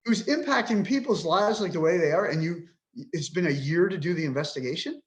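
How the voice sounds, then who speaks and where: A man's voice: sits high, expressive, a little fast. A man in his fifties, a podcast guest, talking with frustration and swearing bluntly as he vents. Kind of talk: emotional interview talk.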